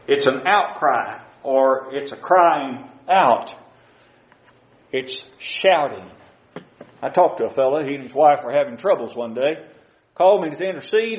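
Folksy high-voiced preacher in echoey church. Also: male voice. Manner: folksy, swinging between loud emphasis and soft drops. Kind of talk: sermon. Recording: echoey church room, dull lo-fi sound.

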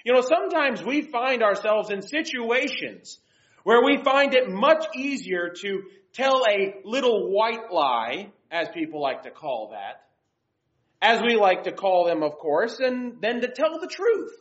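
Woman, Bible teacher, earnest devotional lesson, animated pitch, dull lo-fi sound. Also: unhurried. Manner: earnest, reads scripture aloud. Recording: dull lo-fi recording.

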